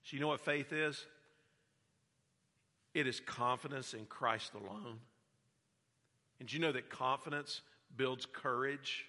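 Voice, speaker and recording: A man preaching a sermon as a pastor. He builds to loud, emphatic peaks, then drops back to quiet, earnest teaching. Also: medium pitch, measured pace, long pauses, in a large hall.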